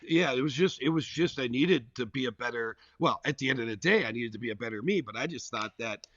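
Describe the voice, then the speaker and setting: A man's voice: mid-range voice, brisk, slight background noise. A man, a podcast guest, telling a story in a casual, rambling way with lots of "like" fillers. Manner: rambling and animated, full of "like" fillers. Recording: dull, dry lo-fi recording.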